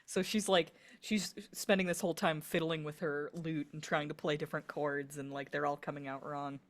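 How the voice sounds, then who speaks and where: A woman's voice: deep voice, fairly even intonation, normal speed. A woman player describing her character's actions casually, with many fillers. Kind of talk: casual tabletop play.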